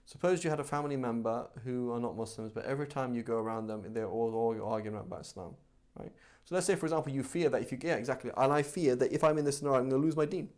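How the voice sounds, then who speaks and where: A man's voice: medium pitch, fast talker, few pauses, a little mellow. Conversational male religion teacher. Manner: chatty, conversational, with frequent asides and rhetorical questions. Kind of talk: casual religious class.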